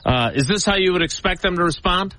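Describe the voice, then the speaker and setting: A male sports talk host introducing clips and questioning his co-host, lively, jokingly mimicking players. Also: high voice, fairly quick, dry recording, poor audio.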